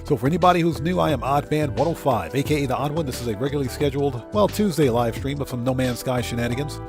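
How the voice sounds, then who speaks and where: A man's voice: mid-range voice, fast, music in the background. Laid-back man hosting a game stream. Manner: relaxed, rambling, greets chat viewers by name. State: choked up. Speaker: livestream host. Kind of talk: casual gaming livestream chat.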